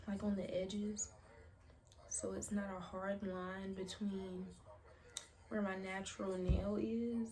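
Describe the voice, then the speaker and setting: A woman's voice: mid-range voice, warm tone. A woman in her twenties from the United States, casually chatting in a slangy way while she does her toenails, often dropping her voice to a whisper. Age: 20s. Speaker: beauty vlogger.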